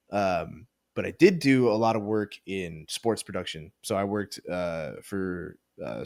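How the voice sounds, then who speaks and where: Laid-back young man telling stories. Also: fairly low pitch. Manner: laid-back storytelling with many fillers. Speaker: podcast co-host. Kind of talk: casual chat.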